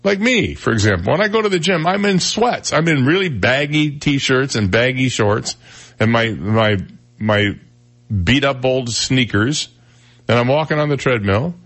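A man hosts a morning radio show, joking and chatting loosely. His pitch swings widely as he laughs his way through stories, sitting at a mid pitch. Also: unhurried. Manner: animated, joking, laughs often, puts on silly voices. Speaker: radio talk show host. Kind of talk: casual morning radio chat.

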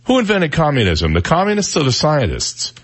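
A man's voice: a little high, wildly swooping pitch, fairly quick, fairly bright tone, breathy edge, pitched above the performer's own voice, heavily acted. A male radio host voicing a shrewd, plain-spoken old Soviet woman in a told joke. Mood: dry.

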